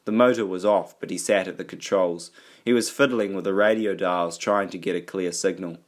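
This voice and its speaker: A man reading an audiobook aloud in a steady, even storytelling manner. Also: low voice, normal speed. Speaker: audiobook narrator. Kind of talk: audiobook narration.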